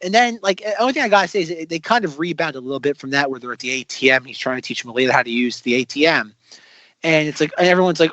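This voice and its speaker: A man's voice: a little high, rapid-fire, fairly bright tone, no echo, highs cut off. A man co-hosting a film podcast in casual chat, sarcastic and acting out quotes. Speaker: podcast co-host.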